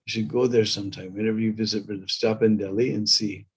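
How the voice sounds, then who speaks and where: A man's voice: fairly low pitch, steady tone, a little fast, slightly rough. A man preaching a storytelling sermon, talking conversationally and prompting listeners with "hmm?" and "huh?".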